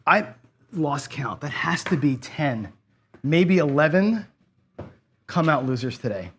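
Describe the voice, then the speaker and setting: A slightly high, expressive male voice takes its time over slight background noise. He runs a live online craps game for viewers, chatting with them and getting annoyed and cursing whenever he loses.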